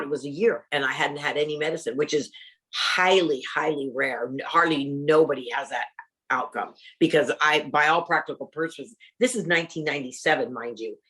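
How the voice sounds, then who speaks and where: Candid middle-aged woman telling her story. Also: sits low. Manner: candid, animated storytelling with quoted dialogue. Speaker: guest. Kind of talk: personal story in an interview.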